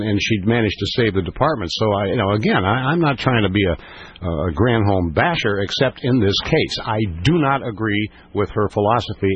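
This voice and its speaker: An older man hosting a call-in radio talk show, halting and repeating words, his pitch climbing when he gets emphatic. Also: husky, dry recording. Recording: dull lo-fi radio broadcast.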